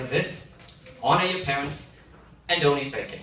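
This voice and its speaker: A male stand-up comedian performing a self-deprecating set with animated punchlines on a comedy club stage. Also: a little high, normal speed, recorded from a distance. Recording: echoey club recorded from afar, noisy. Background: audience laughter.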